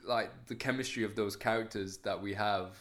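A man's voice: fairly low pitch, fairly even intonation, moderate pace, fairly bright tone. A young man in casual conversation about films, rambling, hesitant, with frequent fillers and casual swearing. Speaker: film chat participant. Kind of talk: casual chat.

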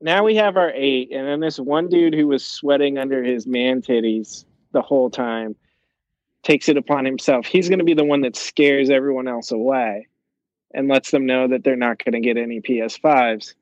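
A man's voice: medium pitch, normal speed, no echo, muffled recording. A young man telling a long, rambling story in casual chat, swearing and using lots of fillers.

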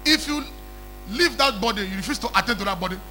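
A man's voice: sits high, expressive, quick pace, bright, forceful tone, faint music behind, rough recording. A man preaching an emphatic call-and-response sermon who repeats phrases and calls for hallelujah.

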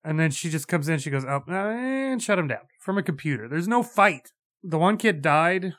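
A man's voice: a little high, lively intonation, moderate pace, fairly bright tone. A man in casual chat reviewing a movie, blunt and sarcastic, swearing freely.

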